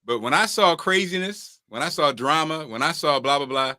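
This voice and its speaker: Bright, high-voiced man hosting a chat. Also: moderate pace, no room sound. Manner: laughs through his points, animated storytelling. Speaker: podcast host. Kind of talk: casual chat.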